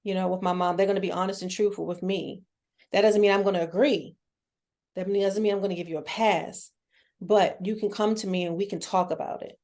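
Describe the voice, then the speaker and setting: A woman therapist speaks in a candid, down-to-earth way as an interview guest. Her voice sits at a middle pitch. She talks earnestly and often restarts her sentences. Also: steady tone, a little fast, darkish tone. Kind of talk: casual conversational interview.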